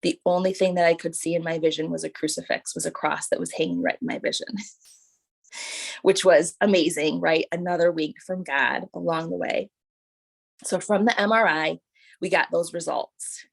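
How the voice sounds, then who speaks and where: A woman telling a personal story as a guest, lively and full of "like" and "right?", acting out what others said. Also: on the low side, vocal fry. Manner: animated storytelling, acting out quoted voices; frequent fillers like "like" and "right?". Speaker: guest sharing her story. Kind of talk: personal testimony.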